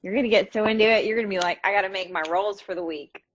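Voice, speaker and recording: A woman's voice: mid-range voice, fairly even intonation, rapid-fire, a little hiss or hum. Chatty woman on dull livestream audio. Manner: chatty, laughing, swears casually. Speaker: guest. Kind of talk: casual chat. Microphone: phone on a live video call.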